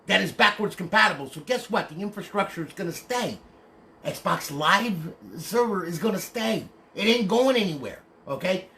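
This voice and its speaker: A man's voice: high-pitched, lively intonation, normal speed, bright, forceful tone, slight background noise. A man selling and demonstrating modded consoles on a casual livestream, talking bluntly, ranting, and asking "okay?" after nearly every point. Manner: swears casually.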